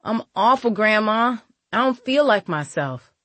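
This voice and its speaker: A woman's voice: mid-range voice, expressive, a little slow, fairly bright tone, no echo, voice pushed up. A woman reading the part of a troubled young woman who sounds emotional and defensive. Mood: sad.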